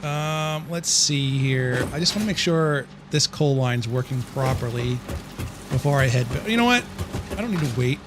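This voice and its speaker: A man's voice: mid-range voice, expressive, moderate pace, noisy background. A man streaming a building game live, chatting casually, easily confused and answering his chat as he plays. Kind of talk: casual live gameplay commentary.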